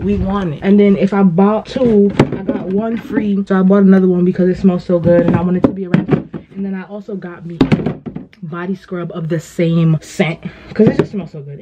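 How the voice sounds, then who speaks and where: A woman in her twenties talking casually to her phone camera in a birthday vlog, chatty and excitable, with dull phone audio and faint hiss. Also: on the low side. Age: 20s. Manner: chatty, excitable, tearful over gifts. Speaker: vlogger.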